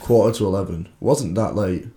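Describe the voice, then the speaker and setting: Irish man, twenties, podcast co-host, rambling and profane, quick talker, roomy echo. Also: sits low, mellow. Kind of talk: casual chat.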